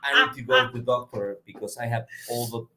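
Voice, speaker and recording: A man with a Mexican Spanish accent, a native Spanish speaker, chatting casually with his wife in halting, teasing English. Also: medium pitch, flat delivery, pushed and bright. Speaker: husband. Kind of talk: casual chat.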